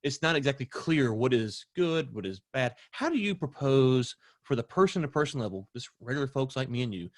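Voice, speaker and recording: A man's voice: mid-range voice, expressive, fairly quick, few pauses, dry recording, clean studio sound. A man hosting an interview, asking long rambling questions with many fillers. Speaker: podcast host.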